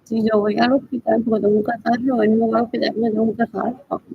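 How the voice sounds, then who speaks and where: A woman's voice: fairly high pitch, little pitch movement, very fast, creaky, lo-fi sound, slight background noise. A woman vlogging in a rambling monologue, blunt and profane, mixing English and Spanish and muttering to herself as she thinks of what to say next. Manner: repetitive, blunt and profane, often muttering 'what else'; switches between English and Spanish.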